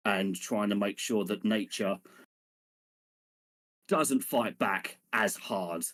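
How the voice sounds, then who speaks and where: A man playing a tabletop game, describing his character haltingly with lots of "sort of" and "um". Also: fairly low pitch, fairly bright tone. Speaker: player.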